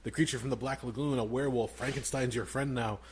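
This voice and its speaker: A man in his thirties co-hosting a casual podcast, excitable and profane, laughing often. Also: mid-range voice, fast, a little hiss or hum. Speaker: podcast co-host. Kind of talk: casual chat.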